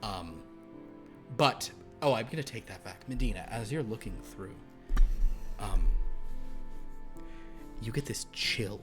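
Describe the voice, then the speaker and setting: A man with a fairly low voice runs a horror tabletop game, narrating in halting bursts full of fillers and hushed asides. Background music plays steadily underneath. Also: lively intonation. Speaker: game master.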